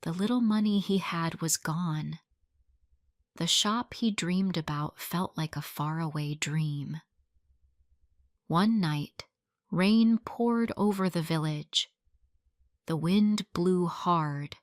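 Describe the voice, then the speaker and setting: A woman's voice: fairly low pitch, no echo, clean studio sound. A woman reading a simple love story aloud as narrator for English learners. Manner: slow, clear, simple storytelling.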